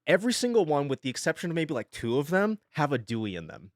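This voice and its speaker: A man's voice: a little high, big pitch swings, fast talker, no echo, studio quality. A young man chatting casually on a live stream from his home setup, rambling, swearing freely and laughing often.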